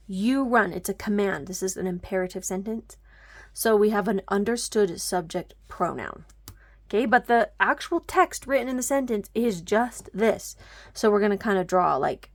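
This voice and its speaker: A woman teaching a grammar lesson at home, patiently explaining step by step and often checking that listeners follow. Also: medium pitch.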